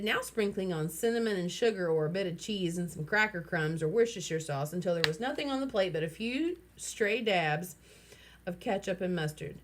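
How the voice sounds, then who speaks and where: Woman, reading a children's novel aloud, lively, wry asides. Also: on the low side, moderate pace, slight background noise. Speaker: reader.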